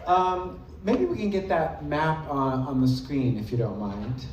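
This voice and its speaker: Guy doing standup, lots of ums and uhs, kinda high voice, roomy echoey club sound. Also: animated, a little mellow, lo-fi sound, a little hiss or hum. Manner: hesitant, halting delivery full of ums and uhs; jumps into brief mock regional accents. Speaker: stand-up comedian. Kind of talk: live stand-up set. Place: live club stage. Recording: roomy club audio from far off. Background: audience laughter.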